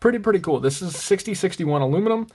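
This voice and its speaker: A man's voice: high-pitched, lively intonation, quick pace, darkish tone, breathy edge. A man hosting a casual show-and-tell vlog, chatty and rambling, often correcting himself, slightly out of breath. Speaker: host of a knife and gear channel.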